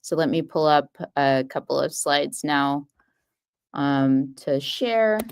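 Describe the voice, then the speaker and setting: Woman, low voice, smooth and resonant, hesitant, thinking aloud on a live demo. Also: lively intonation, takes it slowly. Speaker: guest expert on a live stream. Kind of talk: live coding demo, casual.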